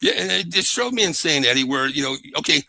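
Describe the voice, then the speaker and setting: A man's voice: fairly high pitch, very animated, fast, gravelly, no echo, poor audio. Fired-up man ranting about football plays. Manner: fired-up, keeps repeating the co-host's name; rants and shouts in frustration. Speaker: sports podcast co-host. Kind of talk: animated football breakdown.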